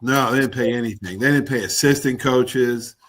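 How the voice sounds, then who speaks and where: A man's voice: medium pitch, normal speed, fairly bright tone. A man from Alabama hosting a casual interview and answering with short agreeing replies. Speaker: interview host. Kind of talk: casual chat.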